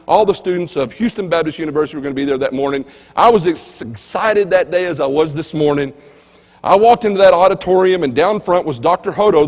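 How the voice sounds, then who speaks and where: Keynote motivational speaker, man, slightly high voice, emphatic and dramatic, big hall reverb. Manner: emphatic, swings between loud and hushed.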